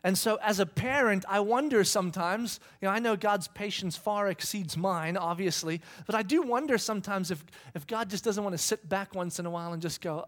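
Guy pastor, high voice, lively storytelling sermon, cracks jokes about his kids. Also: brisk, few pauses. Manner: animated storyteller acting out his kids' shouting. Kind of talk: sermon with humorous family story.

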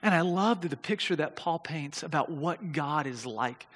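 A high-voiced man preaches in a large, reverberant hall. He tells his story in an animated way, often stumbling over and repeating his words. At the big moments his voice climbs to near shouting. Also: normal speed, breathy edge. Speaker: pastor. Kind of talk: sermon with storytelling.

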